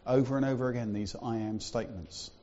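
A man's voice: medium pitch, steady tone, fast talker, dark tone, lo-fi sound. A man preaching a sermon in a church, talking in a conversational way with fillers and asides.

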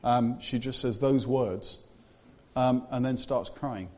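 A man preaching in a church with a mellow, dark voice, easygoing and conversational, full of little asides. The sound is a bit dull and lo-fi. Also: mid-range voice, fairly even intonation, slow. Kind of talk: sermon.

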